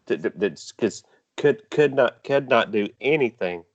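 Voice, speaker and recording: A man co-hosting a casual podcast, easygoing and halting, often agreeing with his partner. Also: mid-range voice, expressive, dull audio. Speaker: podcast co-host. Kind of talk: casual chat.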